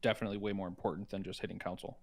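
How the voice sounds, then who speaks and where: Low-voiced Midwestern man. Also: steady tone, very fast. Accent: Midwestern American. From American Midwest. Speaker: software developer streaming with a partner. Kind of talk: casual design discussion on a live stream.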